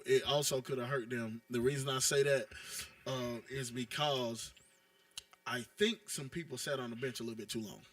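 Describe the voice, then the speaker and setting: A man's voice: medium pitch, fairly bright tone, no echo, far from the mic. A man co-hosting a casual basketball talk show, rambling and exasperated, heavy on slang. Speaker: podcast co-host. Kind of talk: casual sports chat.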